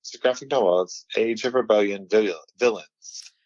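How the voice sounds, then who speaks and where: Low male podcast co-host, easygoing, dull lo-fi dry recording. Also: normal speed, darkish tone, dry recording. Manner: easygoing, promotional asides. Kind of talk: casual chat. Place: home studio on video.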